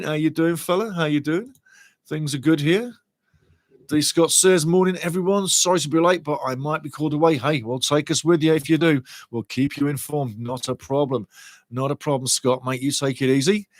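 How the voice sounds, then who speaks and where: A man hosts a live football watchalong, his voice sitting a little high. He chats in an excitable, loose way and swears casually. The recording is close and dry, with no room sound. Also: dry recording. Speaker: watchalong host. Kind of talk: live fan commentary and chat reading.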